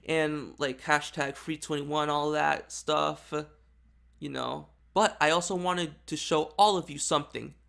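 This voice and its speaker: A man's voice: on the high side, steady tone, measured pace, creaky, fairly bright tone. A man giving casual, rambling video commentary with many fillers and restarts. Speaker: YouTube commentator.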